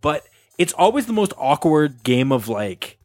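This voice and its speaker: A man's voice: fairly high pitch, sing-song, measured pace, dry recording. A man hosting a casual podcast, telling a long story with laughs and acted-out quotes. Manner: rambling, laughing, acts out quotes. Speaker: podcast host.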